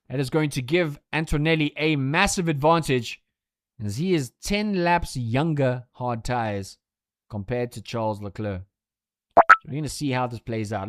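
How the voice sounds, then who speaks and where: A man hosting a live race watchalong stream, giving excitable, profane, ranting commentary. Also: a little high, moderate pace, dry recording, clean studio sound.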